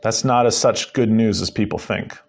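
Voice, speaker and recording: A man's voice: on the low side, normal speed, gravelly. A man preaching a conversational Bible-teaching sermon, emphatic and dropping in joking asides.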